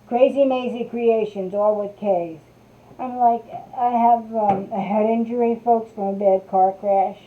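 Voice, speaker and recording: A woman talks her way through a live craft session at home, chatting loosely and calling out to viewers as their comments come in. Her voice sits a little high. The sound is thin and tinny, like a phone line. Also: fairly even intonation, a little slow. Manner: rambling, chatty, reads viewer comments aloud. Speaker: crafter hosting a live stream. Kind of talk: casual live-stream chat.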